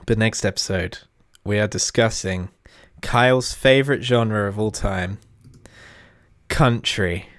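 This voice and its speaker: A man's voice: fairly low pitch, slow, fairly bright tone, dry recording, studio quality. A young man with a Southern English accent hosting a podcast, rambling, swearing and laughing as he chats. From England. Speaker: podcast host. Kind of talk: casual chat.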